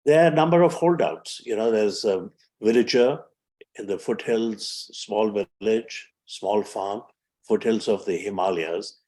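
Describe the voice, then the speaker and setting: A mellow, lowish voice, a little slow: a man in his seventies from India, a physician guest on a podcast. He's a vivid storyteller, acting out the voices of those he quotes.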